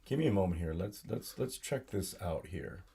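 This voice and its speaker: A low-voiced man hosts a solo live stream from his desk. His voice is tired and sore from yelling all day at work. He rambles, trails off, and fills the gaps with ums and uhs as he fiddles with his computer. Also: animated, normal speed, gravelly, slightly rough. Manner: rambling, filler-heavy, self-talk while using the computer. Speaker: podcast host. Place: home desk with laptop and monitor.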